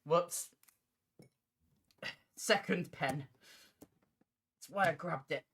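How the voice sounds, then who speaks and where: Loud, giggly woman livestreaming. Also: low voice, very slow. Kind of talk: casual livestream chat. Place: home, building on the floor.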